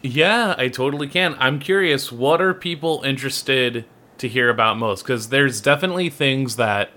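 A man with a bright, forceful voice co-hosts a casual podcast. He tells stories in a playful, animated way. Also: medium pitch, moderate pace. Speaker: podcast co-host, anime reviewer.

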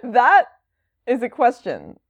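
A woman's voice: a little high, wildly swooping pitch, slow, no room sound, lo-fi sound. A woman chatting casually, rambling with lots of fillers and wry asides. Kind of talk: casual chat.

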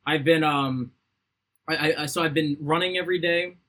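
A man's voice: on the high side, steady tone, normal speed, fairly bright tone. A man co-hosting a podcast, joking crudely and laughing often in casual chat. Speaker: podcast co-host.

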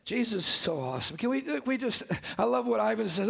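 A man's voice: high voice, very animated, a little fast, gravelly, big-room sound, a little hiss or hum. A male pastor preaching a passionate, exclamatory sermon to his congregation in a church sanctuary.

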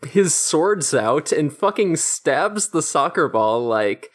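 Animated swearing woman podcast co-host. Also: takes it slowly. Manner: animated, swears casually, lively pitch jumps. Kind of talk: casual chat recapping a cartoon episode.

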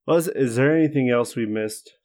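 A man's voice: mid-range voice, fairly quick, darkish tone. A young man from the United States, co-hosting a podcast in casual chat with a dry, joking manner. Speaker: podcast co-host.

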